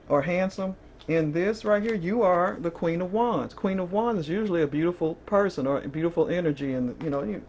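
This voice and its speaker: Speaking to camera, a tarot reader chats her way through a casual reading, keeps asking her listeners "okay?", and laughs briefly now and then. She has a fairly low, slightly mellow voice, with a bit of background noise in the recording.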